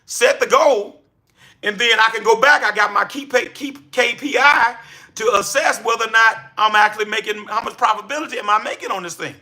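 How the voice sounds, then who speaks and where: High bright-voiced man coaching live. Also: brisk. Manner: energetic, preachy, bursts into excited shouts. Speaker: livestream host and business coach. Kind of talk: live-stream coaching talk to chat viewers.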